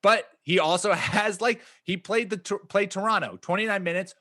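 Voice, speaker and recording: A man co-hosting a podcast, talking through sports stats in casual chat, animated and profane, laughing often and jumping up in pitch to stress numbers. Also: normal speed. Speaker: podcast co-host.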